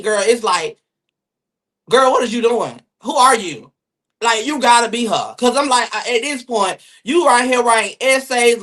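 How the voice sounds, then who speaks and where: A man's voice: sits high, sharp tone. Brief: man hosting a sassy livestream gossip show, reads the chat with plenty of attitude. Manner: sassy, rapid, swearing, addresses chat viewers. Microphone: phone or webcam mic on livestream.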